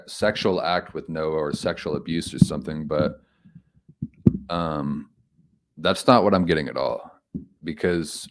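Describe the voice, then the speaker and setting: Deep-voiced man musing over scripture. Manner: reflective, halting, thinks aloud with restarts. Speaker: homily speaker. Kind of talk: informal Bible commentary.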